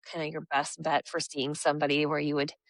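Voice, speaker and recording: Easygoing woman co-host, lowish voice, dry close mic. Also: no echo. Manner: relaxed, agreeable, quick to laugh. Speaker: podcast co-host. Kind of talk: casual chat.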